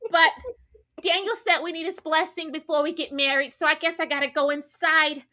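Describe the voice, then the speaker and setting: A woman co-hosting a live recap, excitable and laughing as she tells the story. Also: sits high, normal speed.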